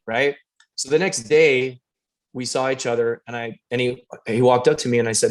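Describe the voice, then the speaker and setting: A man's voice: mid-range voice, moderate pace. A middle-aged man who coaches people, talking casually on a podcast and acting out the people in his stories. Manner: animated storyteller, acts out quoted dialogue.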